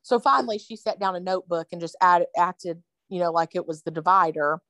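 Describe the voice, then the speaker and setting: A woman's voice: on the low side, a little fast, a bit bright, dry recording. Tired woman in dry chat. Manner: chatty storyteller with fillers. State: tired, yawning. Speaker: podcast co-host. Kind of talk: casual chat.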